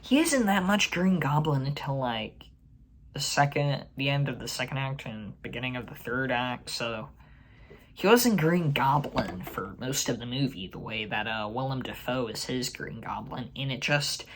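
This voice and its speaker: Slight background noise sits under an expressive, mid-range, somewhat bright male voice at a moderate pace. He hosts his own movie channel, chatting to camera through an opinionated ranking with fillers and restarts.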